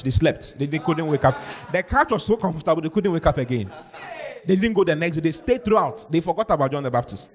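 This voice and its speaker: A male pastor preaching a lively sermon, reading scripture and acting out the people in it, sometimes shouting. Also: on the high side. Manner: animated, shouting out and acting out Bible characters.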